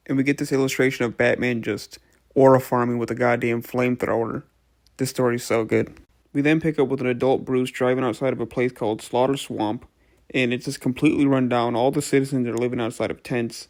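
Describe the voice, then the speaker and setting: A man talks through a new comic for his viewers in an easygoing, chatty way. His pitch sits in the middle of the range, and he drops a casual curse now and then. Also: a little fast. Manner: relaxed, chatty, swears casually. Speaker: comic book reviewer. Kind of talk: casual comic recap vlog.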